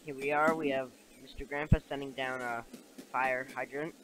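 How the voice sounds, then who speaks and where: A young man doing a let's play chats casually about the game he's playing, rambling, giggling, and speaking to the characters on screen. His mid-range voice is steady and a bit bright, at a moderate pace. He's using a cheap new microphone, and there's slight background noise.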